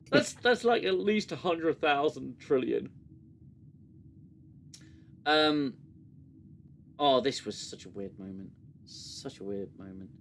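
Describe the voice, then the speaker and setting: A man's voice: medium pitch, lively intonation, takes it slowly, creaky, long pauses, a little hiss or hum. A man hosting a casual review chat, sarcastic and exasperated, often restarting his sentences. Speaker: podcast host.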